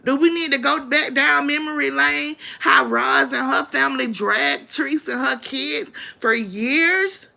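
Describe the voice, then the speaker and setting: A woman rants on her own livestream, blunt, confrontational and full of profanity. Her voice sits high and sounds bright and edgy, with a gravelly fry running through it. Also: unhurried, hardly any pauses. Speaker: livestream host. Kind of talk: ranting live-stream commentary.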